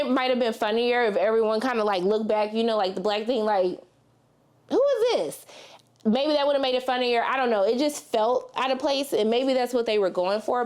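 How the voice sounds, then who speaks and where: A woman chatting animatedly as a TV reviewer, slangy and talking straight to her viewers. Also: a little high. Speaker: TV show reviewer. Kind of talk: casual review chat with personal story.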